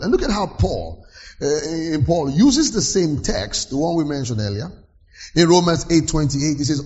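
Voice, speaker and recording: A man's voice: fairly high pitch, a little mellow, lo-fi sound. A man preaching a sermon, teaching with emphatic repetitions and sudden rises. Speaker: pastor.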